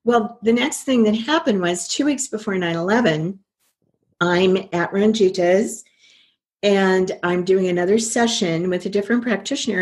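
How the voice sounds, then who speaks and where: An older woman, a guest in an interview, telling her story earnestly and quoting her own past thoughts. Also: mid-range voice.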